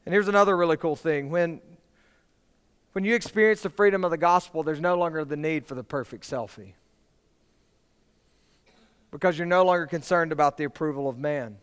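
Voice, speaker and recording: A man's voice: fairly high pitch, brisk, long pauses, clear, resonant tone. A young man preaching to students, telling a personal story in a casual way full of "y'all" and "like". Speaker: youth pastor. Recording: hall reverb from a large room.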